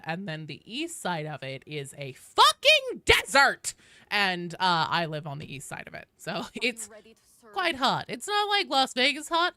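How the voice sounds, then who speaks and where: A tired woman streaming a game, greeting chat by name in animated, casual talk, with some swearing. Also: mid-range voice, no room sound. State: sleep-deprived and tired.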